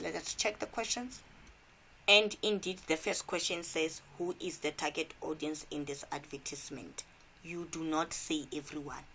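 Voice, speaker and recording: A woman's voice: low voice, a bit bright, slight background noise. A South African woman teacher giving an exam revision lesson, repeating key points and asking rhetorical questions.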